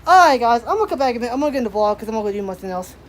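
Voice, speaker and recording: A woman's voice: fairly high pitch, expressive, rapid-fire, slight background noise. A young woman walking and talking through her garden for her daily vlog, rambling and chatty with lots of "like". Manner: rambling, chatty, frequent "like" fillers. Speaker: daily vlogger. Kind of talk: casual walk-and-talk vlog. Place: outdoors in a garden. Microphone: handheld camera while walking.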